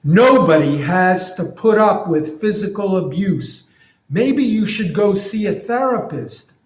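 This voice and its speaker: A man voicing an indignant, protective friend who scolds and insists, in a much higher and louder voice than his own, in an echoey room. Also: expressive, slow pace. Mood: outraged. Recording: roomy echo.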